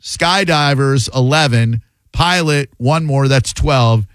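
A man's voice: mid-range voice, slow, fairly bright tone, clear, resonant tone, no echo. Slangy, jokey male radio talk host. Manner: loose, jokey, slangy banter. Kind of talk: casual call-in radio chat.

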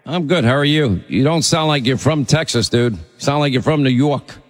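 Brisk male talk radio host. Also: mid-range voice, big-room sound, soft background music. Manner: brisk, chatty, interrupting.

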